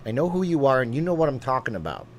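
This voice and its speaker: A man's voice: mid-range voice, very animated. A man hosting a casual live-stream chat, rambling from one topic to the next. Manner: rambling, chatty, quick asides and laughs.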